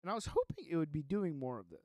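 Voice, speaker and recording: A young man streaming Minecraft live chats loosely with viewers and rambles through his own notes aloud, sounding sleepy and yawning. His voice is a little high and sing-song, and he talks fast; the recording is dry with the highs cut off.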